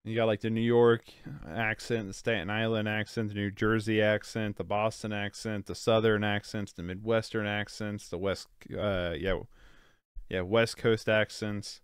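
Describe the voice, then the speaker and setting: A man's voice: on the low side, little pitch movement, normal speed, clear, resonant tone, no room sound, studio quality. Stuffy-nosed man rambling through a movie. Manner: rambling, filler-heavy, says "like" often. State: stuffed-up nose and sleepy, yawning. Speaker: movie watch-along host. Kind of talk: casual movie reaction commentary.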